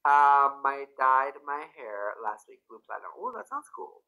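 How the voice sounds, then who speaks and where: Bubbly, animated young man from Canada. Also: mid-range voice, normal speed, low-quality recording. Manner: bubbly and effusive, bursts into squeals. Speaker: livestream host. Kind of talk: casual livestream chat, reading comments aloud.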